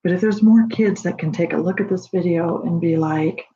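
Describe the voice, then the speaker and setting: A mother in casual home video talk, rambling warmly with many fillers and restarts, proud of her daughter. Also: lowish voice, normal speed. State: emotional, near tears at times. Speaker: proud mother sharing a story. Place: home at night. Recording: dull lo-fi home recording.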